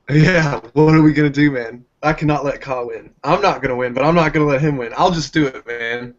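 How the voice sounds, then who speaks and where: A man's voice: fairly high pitch, a little fast, highs cut off. A man playing along as a contestant in a casual online game show, laid-back and saying "man" a lot. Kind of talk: casual chat.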